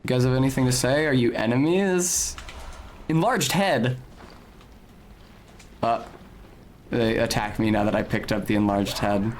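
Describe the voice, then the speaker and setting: A man commentates his own gameplay for a live stream, wry and chatty. He swears in passing and talks to the game's characters. His pitch sits in the middle of the male range. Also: unhurried, pauses often, a little hiss or hum. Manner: wry, self-narrating, swears casually.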